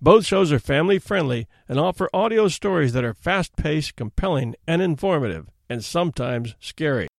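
A man who hosts a podcast and narrates a classic short story in an expressive, dramatic storytelling manner. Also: on the high side, normal speed, gravelly, few pauses, no room sound, clean studio sound.

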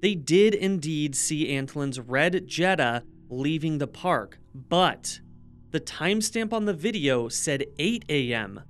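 A man's voice: a little high, fairly bright tone, clean tone. A man co-hosting a true-crime podcast, chatting easily and narrating the case. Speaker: podcast co-host.

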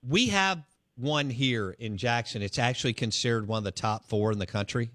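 A man's voice: mid-range voice, normal speed, no room sound. A man hosting a sports radio show, chatting casually with lots of fillers. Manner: relaxed and chatty, with many fillers.

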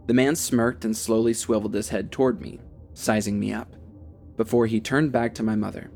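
A young man narrating a first-person horror story, steady and tense, with a gravelly, fry-laden voice. Faint music drifts under the narration. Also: fairly low pitch, moderate pace. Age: young adult.

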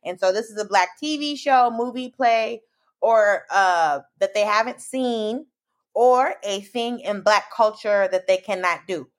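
A woman's voice: medium pitch, a little slow. A woman comedian chatting as a guest, playful and acting out her reactions as she talks. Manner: playful, acts out her reactions with lots of "like" and "girl". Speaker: comedian and podcast host, guest. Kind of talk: animated casual conversation.

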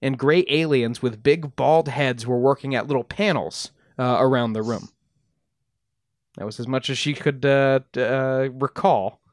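A man's voice: mid-range voice, steady tone, a little slow, no echo, studio quality. A man on a podcast casually retelling a story he has researched, with frequent ums and restarts. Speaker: podcast host presenting research.

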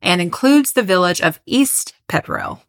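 A woman's voice: on the low side, animated, normal speed. A young woman co-hosting a podcast, chatting casually, laughing often and telling a story to her co-host. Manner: chatty, laughs often, reads listener messages.

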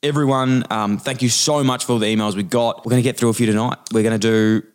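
A man's voice: mid-range voice, steady tone, fast talker, clear, resonant tone. An Australian man hosting a podcast, chatting and teasing in an upbeat, casual way, interviewing callers. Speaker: podcast host.

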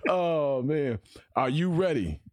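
A man's voice: a little high, lively intonation, slow, a little mellow, no room sound. A man hosting a casual sports podcast, joking and swearing, acting out voices in his stories and laughing often. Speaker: podcast host, sports reporter.

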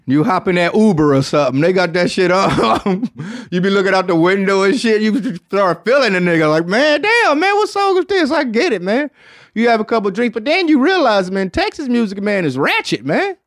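A man from Detroit hosts a podcast in a loose, rambling chat, swearing freely and dropping "man" after nearly every thought. His voice sits fairly high for a man. The recording is close and dry, with no room sound. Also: expressive, fairly quick, no room sound. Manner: rambling, profane, slangy, fills lines with "man". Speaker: podcast host. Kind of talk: casual chat.

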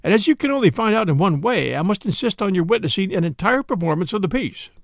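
A man voicing a big, scowling male author with a gruff, menacing delivery. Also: sits high, expressive, fast talker, no echo, studio quality.

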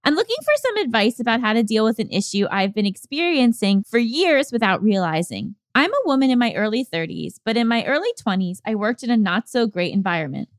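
A woman co-hosting a podcast, chatting casually and reading listener letters, giggly and animated. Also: fairly high pitch, brisk, few pauses, no room sound, studio quality. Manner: giggly, animated, laughs often. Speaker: podcast co-host.

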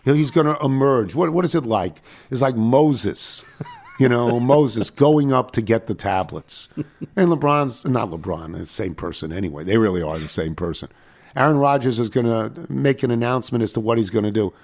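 A man's voice: medium pitch, moderate pace, a little mellow. An older man hosting a talk radio show, ranting with indignant rhetorical questions in casual banter.

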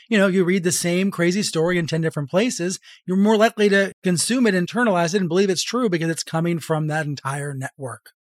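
Measured male journalist guest. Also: on the high side, no echo, clean studio sound. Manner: measured, explanatory, reads quotes aloud. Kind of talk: conversational interview.

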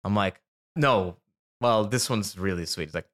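Animated man telling comic rants. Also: on the low side, normal speed. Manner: animated storytelling with profanity. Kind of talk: casual comedic chat.

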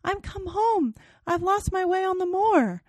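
Ghost girl wailing high, sobbing plea, dry close sound, as a woman reads her, distant and thin. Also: lively intonation, measured pace, no room sound. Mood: sobbing, pleading.

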